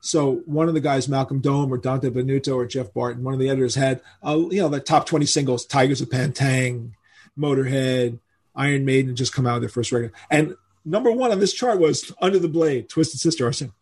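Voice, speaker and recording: An older man, telling animated stories as a guest in a podcast interview and acting out the people he quotes. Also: medium pitch, a little fast, breathy edge. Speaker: guest musician.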